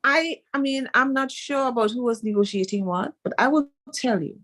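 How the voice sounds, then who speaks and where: A woman's voice: high voice, normal speed, fairly bright tone. A woman hosting a radio interview, talking in a conversational, engaged way. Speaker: host.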